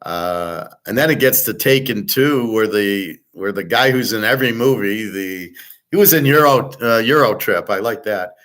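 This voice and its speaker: A man's voice: on the low side, lively intonation, normal speed, a bit bright. A man hosting a show, talking in a blunt, rambling way, with frequent restarts and swearing. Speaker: host. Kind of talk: casual rambling chat.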